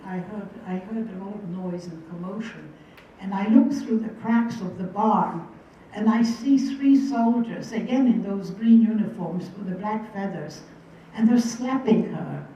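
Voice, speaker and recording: A woman's voice: medium pitch, a little slow, dark tone, a little hiss or hum. Older woman telling her story, echoey room. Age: 80s. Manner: earnest, vivid retelling with repeated phrases. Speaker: guest speaker. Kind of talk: personal storytelling talk to an audience. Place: large room with a live audience. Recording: distant, echoey, muffled hall recording.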